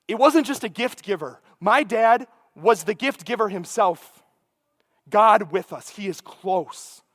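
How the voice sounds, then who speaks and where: Young Midwestern man, priest-style homily: high, bright voice, casual asides, long church reverb. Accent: Midwestern American. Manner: animated and conversational, with quick asides. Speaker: preacher giving a homily. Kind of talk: sermon. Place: large church.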